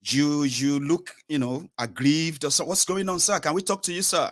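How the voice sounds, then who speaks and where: A politely pushy street reporter , as a man puts him on, coaxes an interview in a raised, higher voice. His shows, and he keeps pressing with questions. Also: normal speed, no echo, natural voice. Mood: coaxing. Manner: coaxing, politely insistent questioning.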